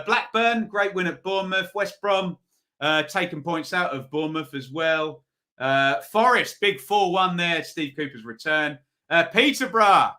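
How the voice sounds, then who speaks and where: A man hosts a live football review show, chatting casually, reading out viewer comments and votes, and pleading at times. It's casual live-stream commentary, in a slightly high voice that sounds pushed and bright.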